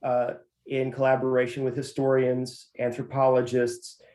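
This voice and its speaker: A university professor speaks as a guest in a measured, deliberate way, filling his pauses with "uh." His voice is dark and mellow. The sound is roomy and echoey. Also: medium pitch, completely flat delivery. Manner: measured, with many "uh" fillers. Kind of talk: interview answers. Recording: roomy echo.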